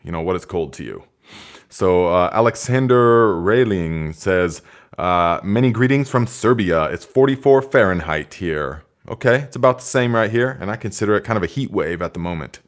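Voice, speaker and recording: A man hosting a live gardening stream, reading out viewer comments in a relaxed, chatty way with many fillers and restarts. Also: low-pitched, normal speed. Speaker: gardening channel host.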